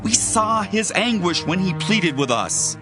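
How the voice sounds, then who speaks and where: A man's voice: high voice, expressive, unhurried. An actor playing an earnest brother pleading his case in a dramatized scripture reading. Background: backing music.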